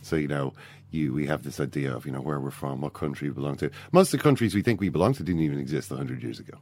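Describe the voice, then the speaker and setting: Deep-voiced man discussing football. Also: expressive, quick pace, a little mellow. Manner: rambling, many fillers and restarts. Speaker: podcast host.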